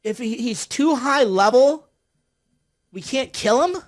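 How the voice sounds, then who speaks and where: High-voiced man ranting sarcastically. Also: expressive, slow pace. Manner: sarcastic, exasperated, mocks opponents. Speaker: political commentator hosting a livestream. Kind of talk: ranting livestream commentary.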